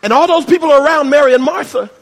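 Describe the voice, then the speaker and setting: A man preaching a sermon, swinging between shouts and hushed asides and adding humorous remarks. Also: very high-pitched, racing, slight background noise. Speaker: pastor. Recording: reverberant hall.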